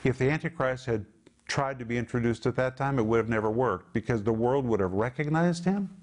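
A man in his sixties giving a televised Bible teaching, emphatic and deliberate, slowing down and repeating key words to stress them. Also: mid-range voice.

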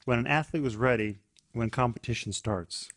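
A man's voice: mid-range voice, moderate pace. A man in a casual discussion, earnest and repeating words as he thinks. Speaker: discussion participant.

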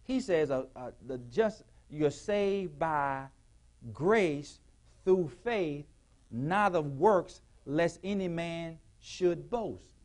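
A male pastor preaching a sermon in a church, with call-and-response questions to the congregation, sometimes rising to shouts. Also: a little high, expressive, drawn-out words. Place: church sanctuary.

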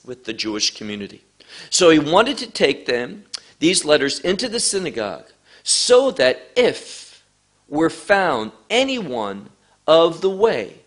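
Lively, bright-voiced male Bible teacher. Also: a little high. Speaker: preacher.

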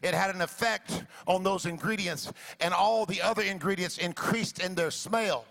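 A man preaching a sermon in a church, swinging from jokey asides to shouted, sung-out exclamations. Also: high voice, moderate pace, gravelly. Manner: playful, jokey asides to the congregation.

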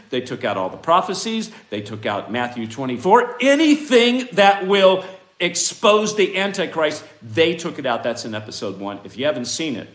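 A man preaching a fiery sermon, reading scripture and swinging from hushed asides to loud, impassioned outbursts. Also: mid-range voice. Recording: echoey room.

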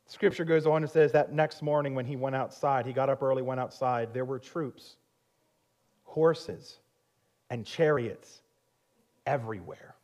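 A man's voice: medium pitch, measured pace, darkish tone. A male pastor, probably in his thirties, preaching a sermon and telling a personal story with frequent laughter and self-mocking humor.

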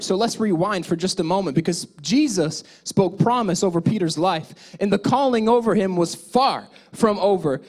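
A male pastor delivering a sermon, speaking directly to the congregation and swinging between loud exhortation and quiet asides. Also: sits high, animated, moderate pace, few pauses.

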